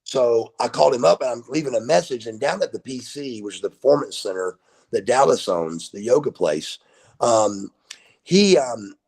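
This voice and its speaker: A gravelly man in his fifties talks as a guest over a video call. His husky voice spins animated stories, and he swears freely. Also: medium pitch, moderate pace. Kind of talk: casual storytelling interview.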